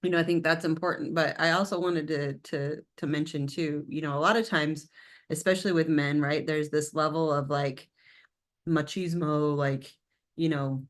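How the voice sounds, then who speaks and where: Playful, expressive woman co-host. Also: sits low, moderate pace. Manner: expressive and playful, laughing, asking for agreement. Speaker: co-host, couples coach. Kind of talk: casual podcast chat.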